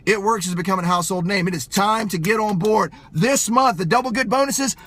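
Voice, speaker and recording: A middle-aged man delivers a fired-up motivational sales pep talk in a fairly quick, high-sitting voice. He yells and drives his points home with punchy repetition.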